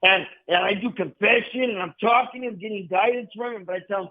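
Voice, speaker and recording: Calling in on a tinny remote line, this Southern Californian guest in his forties talks fast in a high-pitched voice with few pauses. His casual storytelling is intense and repetitive, and he keeps addressing the host as "bro."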